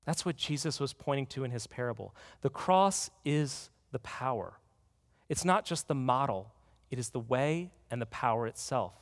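A man preaching a sermon as pastor, earnest, telling a story and slowing down to stress key words. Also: mid-range voice, lively intonation. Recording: reverberant hall.

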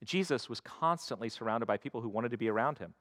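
A man's voice: mid-range voice, lively intonation, fast talker, fairly bright tone, dry recording, studio quality. A man preaching a sermon in a conversational way, slipping into quoted voices to act out the stories. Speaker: pastor.

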